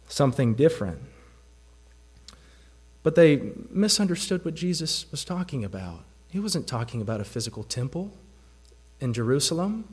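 A man's voice: medium pitch, moderate pace. A man preaching a sermon with a Southern American accent, using rhetorical questions and emphatic repetition. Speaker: pastor.

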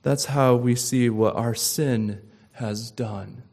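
Man, preacher, sermon, slow measured delivery, emphatic, middle-aged, loud impassioned peaks. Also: mid-range voice, vocal fry.

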